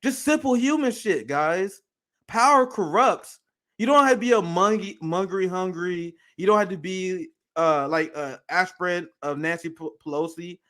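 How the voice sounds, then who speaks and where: A man's voice: high-pitched, normal speed, pushed and bright. A man co-hosting a political talk show, speaking bluntly and profanely, often laughing and stammering through restarts. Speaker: political podcast co-host.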